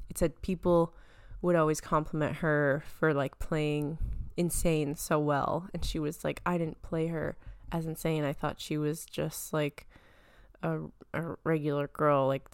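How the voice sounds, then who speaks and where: A woman's voice: lowish voice, smooth, dry recording, clean studio sound. A woman in her thirties hosting a podcast, rambling casually with frequent restarts. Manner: rambling, chatty, trails off and restarts. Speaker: podcast host. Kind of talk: casual chat.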